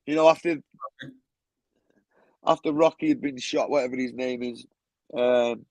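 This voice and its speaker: A man's voice: medium pitch, steady tone, measured pace, a little mellow, dry recording, low-quality recording. Blunt, swearing man. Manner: blunt, swears freely, keeps saying "you know what I mean". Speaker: guest. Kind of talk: casual storytelling.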